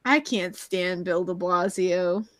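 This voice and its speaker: A woman's voice: on the low side, takes it slowly, a bit bright, dry recording. A woman hosting a casual live stream chat, rambling and giggly as she jumps between topics, heard over a video call.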